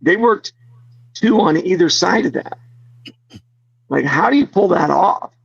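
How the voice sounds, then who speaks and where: A man being interviewed as an actor guest, telling stories in an animated way, laughing often and full of fillers. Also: high voice, a little slow, creaky, husky, highs cut off. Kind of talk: casual interview storytelling.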